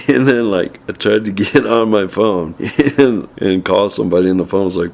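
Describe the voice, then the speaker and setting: A man's voice: lowish voice, normal speed, creaky, few pauses, darkish tone. A man telling a story casually at home, laughing through nearly every sentence in a loose, rambling way. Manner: loose, rambling and filler-heavy. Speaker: vlogger. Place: at home indoors, with his cat beside him.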